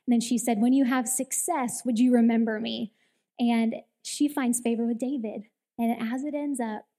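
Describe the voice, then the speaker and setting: A woman in her thirties giving a Mother's Day church talk, telling a story in an animated way and acting out the quoted lines. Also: a little high. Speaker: women's ministry speaker. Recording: long hall reverb.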